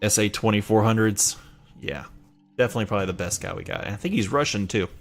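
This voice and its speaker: A man's voice: lowish voice, fast talker, creaky, faint music behind. Laid-back Southern man narrating gameplay. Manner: rambling, chatty, self-mocking. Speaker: let's play gamer. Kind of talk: casual gameplay commentary.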